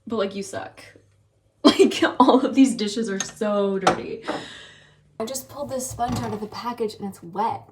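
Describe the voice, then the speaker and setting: A young American study abroad student, in her twenties, speaks a little slowly in a voice on the high side. She's chatty in her casual vlog, full of laughs and "like" fillers, filmed with noisy handheld audio in her apartment and out on the streets.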